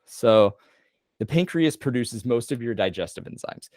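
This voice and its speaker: A man tutoring a student on a video call, explaining loosely with casual slang and quick self-corrections. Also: mid-range voice, lively intonation, darkish tone, no echo, clean studio sound. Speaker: medical tutor.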